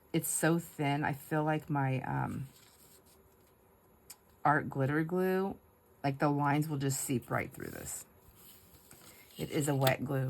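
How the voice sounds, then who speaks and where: A very deep voice with vocal fry belongs to a middle-aged craft vlogger from the United States. She crafts while chatting casually, trading stories, frequent laughs, and asides with her viewers.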